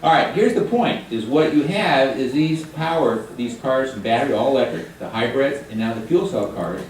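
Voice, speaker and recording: An older man giving a guest lecture to high school students, chatty and joking as he quizzes the room. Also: animated, moderate pace, slight background noise. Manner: chatty, jokey, quizzes the audience. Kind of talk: classroom lecture with questions to students. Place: high school hall or classroom. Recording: echoey room, mic at a distance.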